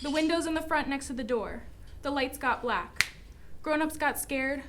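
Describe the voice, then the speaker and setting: A woman's voice: high-pitched, moderate pace, close to an everyday voice. A woman voicing a childlike woman who relives a zombie attack, acting out her mother and the panicked crowd. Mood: frightened. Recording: noisy lo-fi recording.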